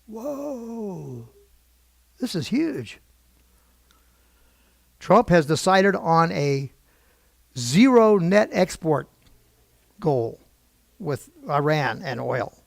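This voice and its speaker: Man, middle-aged, Bible prophecy teacher, gravelly, dry sound, animated, digressive. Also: a little high, drawn-out words, pauses often, no echo. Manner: animated, digressive, exclaims often. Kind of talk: informal Bible lesson.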